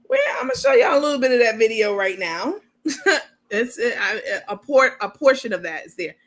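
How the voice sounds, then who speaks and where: A New York woman hosts her commentary channel in a casual livestream fashion, chatting and rambling while reading out viewer comments. Her voice is a little high, very animated, pushed and bright, at a moderate pace. She's an adult with a university degree.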